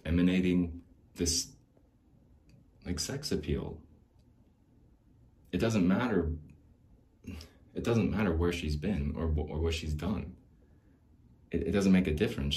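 A man's voice: low-pitched, a little mellow. A man hosting a podcast, talking alone in a loose, rambling way, with lots of restarts, casual swearing and laughs between thoughts. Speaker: podcast host.

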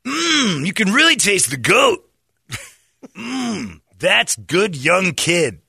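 A man putting on the voice of a proud, starving male villager in a mocking, exaggerated, shouty way. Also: high-pitched, sing-song, slow pace, gravelly, slightly rough, no echo, clean studio sound, voice pushed up, full character voice. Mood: scornful.

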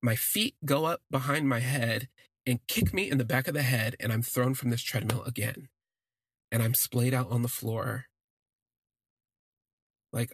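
A man telling a personal story in an expressive, self-deprecating way, drifting into asides. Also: medium pitch, a little slow, pauses often, breathy edge, dry recording, clean studio sound. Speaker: podcast storyteller.

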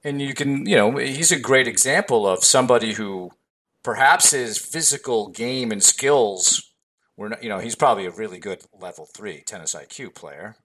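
A man hosting a podcast interview, agreeing with his guest and adding his thoughts in a measured way. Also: medium pitch, fairly bright tone. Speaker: podcast host.

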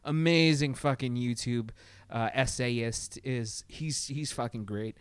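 A man in casual podcast chat, talking in a profane, animated way, with many fillers and restarts. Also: medium pitch, takes it slowly, clean tone, no echo. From Latin America.

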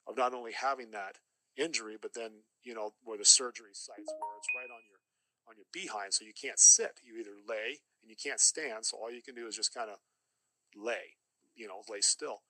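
A middle-aged man speaks as a podcast guest, telling his story with earnest, emphatic conviction and circling back on key phrases. His voice is strikingly bright and tense, with an average pitch. The sound is dry, with no room echo. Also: moderate pace. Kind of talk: personal testimony.

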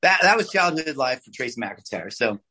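A man in his forties from Oklahoma, a guest telling lively, salty stories from his childhood in a casual interview. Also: mid-range voice, a little fast, a little hiss or hum, poor audio. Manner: animated, swears, acts out quoted voices. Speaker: guest, oral surgeon.

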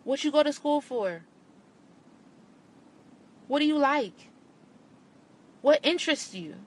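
Impassioned higher-pitched woman podcaster. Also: animated, slow. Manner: preachy, repeats lines for emphasis. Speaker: podcast host. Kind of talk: impassioned monologue.

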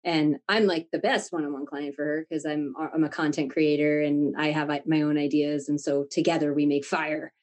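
Low-voiced candid woman coach. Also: normal speed, hardly any pauses. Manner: candid, animated, swears freely. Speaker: guest, creative coach. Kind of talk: casual podcast conversation.

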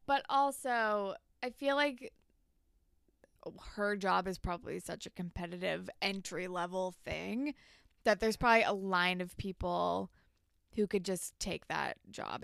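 Young woman, casual podcast chat, gravelly, smooth, dry close sound. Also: a bit bright, no echo. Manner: chatty, acts out characters' lines with big pitch jumps. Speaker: podcast co-host recapping a TV episode.

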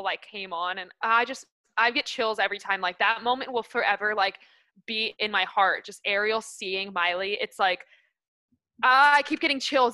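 Bright bubbly young woman co-host. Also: medium pitch, no room sound, poor audio. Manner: bubbly, gushing, fast run-on storytelling with many "like"s. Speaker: podcast co-host. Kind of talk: excited casual chat.

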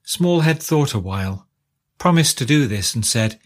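A man narrating a folk tale aloud in a calm, steady storytelling manner. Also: medium pitch, moderate pace.

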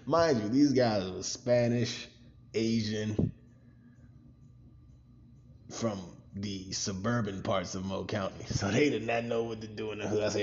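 Animated, profane man telling a story. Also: lowish voice, measured pace, long pauses, lo-fi sound. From Maryland, USA. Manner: animated, profane, laughs often. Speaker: podcast cast member. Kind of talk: casual storytelling.

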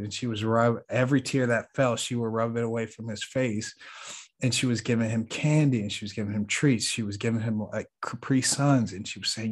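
A man's voice: mid-range voice, a little fast, slightly rough. A man co-hosting a podcast, telling a story in an earnest, reflective way and laughing often. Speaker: podcast co-host. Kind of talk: casual storytelling chat.

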